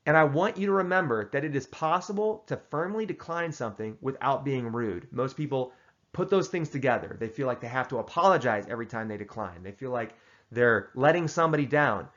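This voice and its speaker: A man delivers joking life advice as if it were dead serious, keeping a deadpan, matter-of-fact tone. His voice sits at an ordinary middle pitch. The recording sounds a little dull and lo-fi. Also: fairly quick. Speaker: host giving tongue-in-cheek advice. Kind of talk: casual comedic advice monologue.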